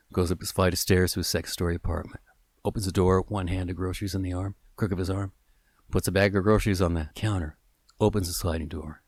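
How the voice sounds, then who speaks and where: A man telling an improvised story in a halting, earnest way with many restarts. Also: low-pitched, dry recording.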